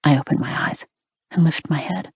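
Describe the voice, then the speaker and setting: A woman narrating a first-person romance audiobook in a breathy, half-whispered, intimate way, close to the mic. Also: low-pitched, normal speed, darkish tone, no echo.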